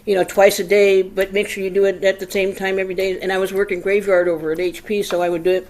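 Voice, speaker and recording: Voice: mid-range voice, level tone, quick pace, darkish tone, poor audio. An older audience member casually sharing a personal story in a rambling way, trailing off with fillers. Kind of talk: casual testimony.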